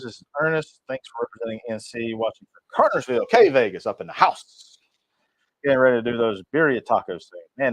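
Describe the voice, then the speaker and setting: A man's voice: medium pitch, no room sound, poor audio. A man hosting a cooking channel livestream, reading viewer comments aloud and answering them in a rambling, friendly way with frequent restarts. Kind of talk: casual livestream chat.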